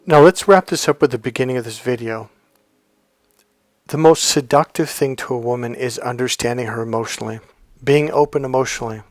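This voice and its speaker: Male dating coach, middle-aged, blunt and profane storyteller, middle pitch, faint music bed. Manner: blunt, swears freely, acts out quoted lines. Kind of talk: storytelling monologue to camera.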